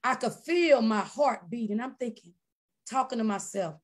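A woman missionary giving a personal testimony at a church prayer service, telling her story animatedly and breaking into shouted praise. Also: fairly high pitch, normal speed. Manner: animated storytelling, acting out quoted voices.

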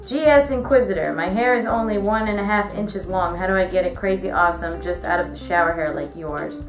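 A woman's voice: medium pitch, brisk. A young woman vlogger answering viewer questions in a casual, rambling chat full of fillers. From United States. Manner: chatty, rambling, lots of "like" fillers. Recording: echoey room with music behind. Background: background music.

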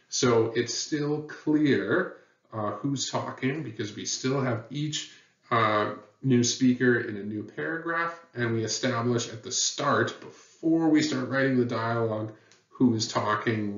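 A man's voice: mid-range voice, fairly bright tone. A man teaching a lesson on writing rules, patient and plain, with many fillers. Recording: dull, roomy sound from a distant mic.

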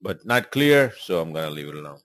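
A man's voice: low voice, very animated, brisk, fairly bright tone. A man hosting a forex trading webinar, talking casually over charts in loose, rambling English full of fillers. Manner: rambling and informal, many fillers. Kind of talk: live webinar chart commentary.

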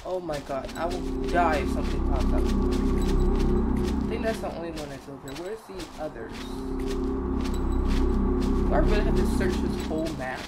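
A man's voice: on the high side, lively intonation, normal speed, long pauses, over loud music. A man hosting his own gaming channel, playing a horror game and talking nervously to himself as he goes. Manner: jumpy, nervous, talks to himself. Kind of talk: horror game let's play commentary. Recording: loud background noise.

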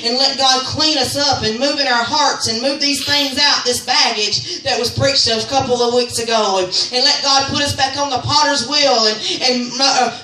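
A woman teaching a Sunday school lesson in a fervent preaching style, climbing to near-singing peaks and dropping low. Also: sharp tone, recorded from a distance. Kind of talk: sermon. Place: church. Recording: roomy echo, speaker off-mic.

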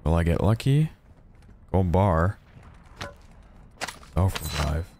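A man's voice: low voice, animated, takes it slowly, mellow, a little hiss or hum. A man streaming a shooter game, chatting casually, reacting aloud and thanking donors as he plays. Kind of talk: casual gameplay commentary.

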